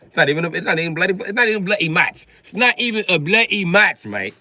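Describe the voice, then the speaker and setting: A man's voice: sits high, expressive, fast, pushed and bright, no echo, pitched above the performer's own voice, heavily acted. A man doing a snooty mock-British sneer. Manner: sneering, drops "bloody" and "mate".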